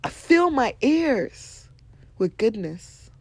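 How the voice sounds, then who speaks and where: A young woman hosting a podcast, giving blunt, animated motivational talk, swearing freely and laughing often. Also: fairly high pitch, takes it slowly, no room sound. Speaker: podcast host.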